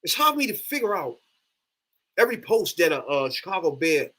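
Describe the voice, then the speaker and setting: Man, sports fan vlogger, casual rant, profane, exasperated, bright sharp tone. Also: a little high, brisk. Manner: animated, profane, exasperated ranting. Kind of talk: casual ranting monologue.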